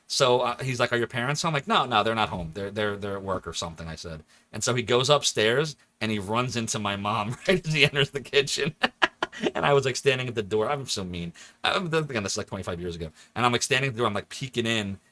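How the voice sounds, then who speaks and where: A man in his forties from the Philadelphia area, chatting animatedly and laughing often while streaming a game. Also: lowish voice. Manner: animated, chatty, laughs often, jumps between joking voices. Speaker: livestreamer. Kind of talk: casual let's-play chat.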